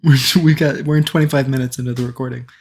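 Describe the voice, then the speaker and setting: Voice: medium pitch, steady tone, rapid-fire, a little mellow. A podcast co-host in casual chat. The talk sounds exasperated and often trails off mid-thought.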